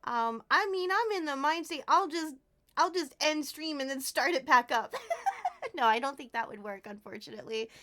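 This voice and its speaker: A woman's voice: high voice, fairly bright tone. A woman streamer chatting casually with her live viewers, giggling often and thanking them by name.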